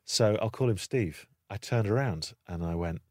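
Low-voiced British man telling an animated story. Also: normal speed, no echo, clean studio sound. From Britain. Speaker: guest storyteller. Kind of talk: casual anecdote on a podcast.

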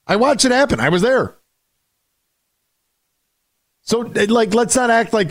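A man hosting a sports radio show, delivering an emphatic, opinionated monologue that swings between loud punchlines and low grumbles. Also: very animated, normal speed, pauses often, no echo, clean studio sound.

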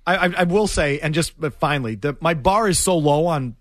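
A man's voice: a little high, a little fast, no echo. A man hosting a sports talk show, ranting in an emphatic, exasperated way. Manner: animated, emphatic, exasperated rants.

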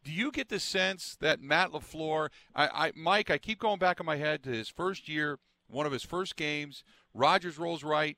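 A man's voice: a little high, moderate pace, few pauses, pushed and bright, dry recording. A man hosting a sports talk radio show, reading a sponsor plug and asking long conversational questions.

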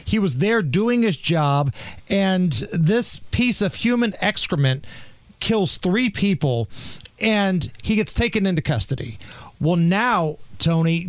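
A man's voice: a little high, no room sound. A man hosting a talk radio show, blunt and indignant, with a sarcastic edge.

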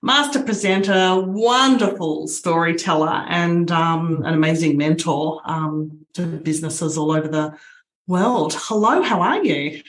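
A woman's voice: on the low side, a little slow. A woman hosting a podcast interview, introducing her guest in an effusive, upbeat way. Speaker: podcast host. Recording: roomy echo.

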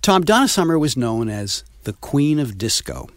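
A man co-hosting a music radio show, easygoing and quick to laugh. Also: medium pitch, very animated, dry recording, clean studio sound. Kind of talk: casual chat and scripted setup.

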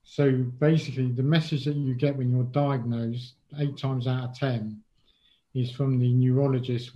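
A man's voice: mid-range voice, fairly even intonation, normal speed, mellow. A man living with Parkinson's answering interview questions in a chatty way, with frequent ums and sort ofs. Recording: dull lo-fi sound.

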